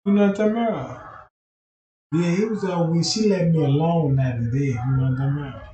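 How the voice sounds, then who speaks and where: A man's voice: on the high side, brisk, dark tone. Profane, rambling man in an echoey room. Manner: profane, slang-heavy, repeats filler questions. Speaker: streamer telling a comic story. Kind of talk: rambling comic storytelling. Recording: roomy, from far off the mic, faint background noise.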